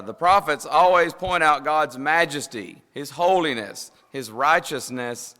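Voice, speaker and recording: A man's voice: mid-range voice, fairly bright tone. A man with a Southern US accent preaching a sermon, telling a story in a folksy, rambling way and laughing as he goes. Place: church sanctuary. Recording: long reverb of a church hall.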